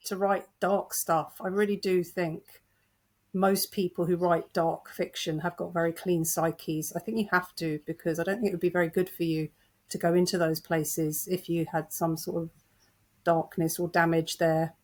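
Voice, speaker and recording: A middle-aged British woman with a British accent, a novelist guest chatting in an interview, animated and self-deprecating with frequent laughs. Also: fairly low pitch, moderate pace. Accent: British English. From United Kingdom. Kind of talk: conversational interview.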